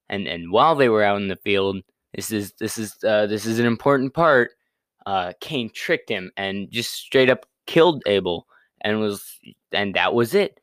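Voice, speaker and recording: A man's voice: fairly low pitch, measured pace, a bit bright, clean tone, no echo, studio quality. A young man casually retelling a Bible story in a laid-back, slangy way, full of fillers and restarts.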